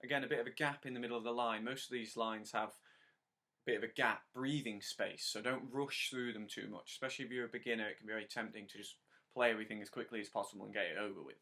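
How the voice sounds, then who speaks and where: A man's voice: on the low side, fairly even intonation, bright, forceful tone. A man teaching a harmonica lesson step by step, patiently counting in and praising the learner. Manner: counts in and sings lines slowly; encouraging, patient.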